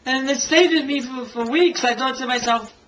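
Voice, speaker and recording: An older woman tells a story from her early days as a singer, her voice bright and forward. She is a lively storyteller who acts out each quote and laughs often as she goes, with a faint hiss behind her. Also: high voice, normal speed, low-quality recording. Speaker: singer and tribute artist for a famous singer. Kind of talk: telling a story in an interview.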